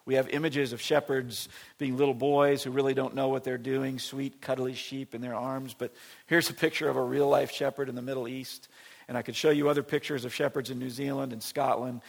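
A man preaching a sermon in church, emphatic, with dramatic swings from loud declarations to hushed near-whispers. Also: mid-range voice, flat delivery, fairly quick, vocal fry. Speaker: pastor.

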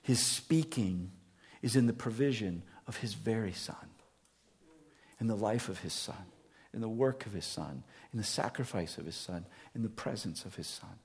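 A male pastor delivering a sermon, earnest and emphatic at times, dropping to a hushed whisper at others. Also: on the low side, expressive, normal speed.

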